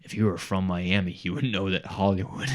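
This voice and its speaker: A young man with a very deep voice tells a story over casual podcast chat. He acts out the other people in it as he goes. He keeps saying "dude" and "bro". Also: brisk. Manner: animated storyteller, acts out quotes, says "dude" and "bro" a lot. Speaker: podcast co-host.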